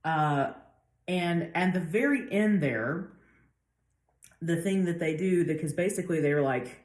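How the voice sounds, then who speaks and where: A woman professor giving a casual literature lecture, paraphrasing the text in lively slang. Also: fairly low pitch, measured pace, roomy sound. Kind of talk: lecture with dramatic readings.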